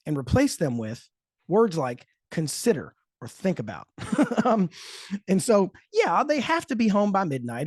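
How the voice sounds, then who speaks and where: A man hosting a faith-based parenting talk show, telling stories in a thoughtful, animated way. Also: a little high, dry recording, studio quality. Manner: thoughtful, storytelling, lively emphasis. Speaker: podcast host. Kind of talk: casual chat.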